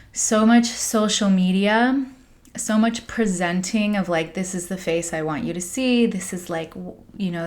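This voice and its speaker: A young American woman, a spiritual coach, talking in a candid, rambling monologue full of "like" and soft laughs. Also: medium pitch. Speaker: spiritual coach and podcast host. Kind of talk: casual confessional monologue.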